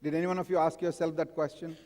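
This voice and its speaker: A man speaks in a fairly high voice to a live audience in a large hall. He often stops to ask the crowd questions. A long reverb trails after his words. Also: flat delivery, fast, warm tone. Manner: engaging, asks the audience frequent questions. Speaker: conference speaker. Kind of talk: live conference talk.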